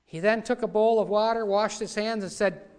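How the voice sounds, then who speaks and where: A man preaching a sermon, retelling the story dramatically and voicing the quoted lines louder. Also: sits high, fairly even intonation, normal speed, clear, resonant tone. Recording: long hall reverb.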